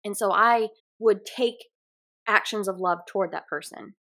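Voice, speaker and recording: Bright Southern woman musing as co-host. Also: medium pitch, normal speed. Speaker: podcast co-host. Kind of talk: casual chat.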